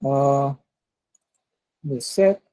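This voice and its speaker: A man's voice: mid-range voice, very slow, warm tone, low-quality recording. An instructor running a live online exam-prep session, a man speaking over a video call. He circles back to repeat his key points. He keeps checking in with his listeners with "right?".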